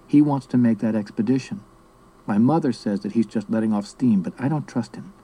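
A man reading aloud as a serious, formal young boy with a gruff little voice. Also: medium pitch, a little fast, dark tone, close to an everyday voice, low-quality recording. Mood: solemn.

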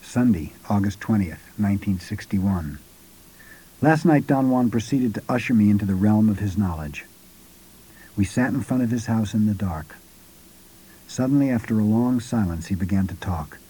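A man narrating an audiobook in a measured, unhurried reading. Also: fairly low pitch, expressive, dark tone, slightly rough, low-quality recording.

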